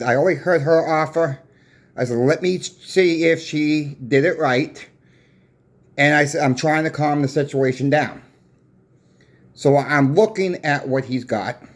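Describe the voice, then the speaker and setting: A man who runs a coin shop, casually retelling an argument with a customer in a folksy, plain-spoken way, full of repeated "I said" tags. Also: medium pitch. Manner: retells a dispute with many "I said" and "I says" tags. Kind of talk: casual storytelling vlog.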